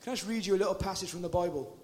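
A man's voice: sits high, racing, a little mellow. A man from Britain, preaching a sermon to a crowd with impassioned, casual, slangy directness.

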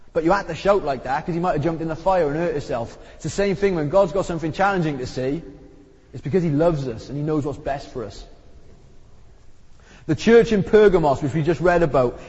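A man's voice: darkish tone, husky. A man preaching a conversational, emphatic sermon, his throat sore. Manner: conversational, emphatic preaching with rising pitch on key points. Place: church hall. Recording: dull recording with long hall reverb.

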